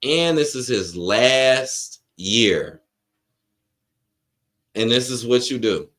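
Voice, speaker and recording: A man's voice: mid-range voice, expressive, drawn-out words, fairly bright tone. A man, ranting with frustration and profanity while reacting live on a watch-along stream and reading chat aloud.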